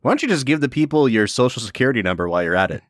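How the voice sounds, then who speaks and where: A man's voice: mid-range voice, expressive, rapid-fire, dry recording, studio quality. A man in his thirties co-hosting a podcast in casual, teasing chat. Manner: joking, teasing. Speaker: podcast co-host.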